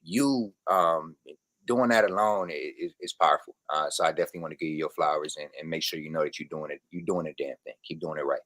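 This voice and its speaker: A man with a very low voice talks as a guest on a casual podcast. He is relaxed and slangy and laughs easily. The sound is close and dry. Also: fast, dry recording. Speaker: sports reporter and guest.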